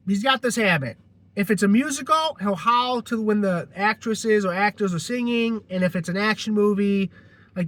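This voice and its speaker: A man's voice: high-pitched, pushed and bright. A man telling a personal story as a casual rant, rambling, restarting his sentences and swearing freely.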